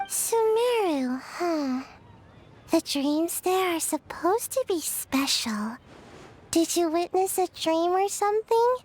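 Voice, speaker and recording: A drowsy little ninja girl from a video game, with a very high voice and a slow, sleepy way of speaking. She sounds unhurried and easygoing. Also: sing-song, a little mellow, exaggerated voice. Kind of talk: game voice acting.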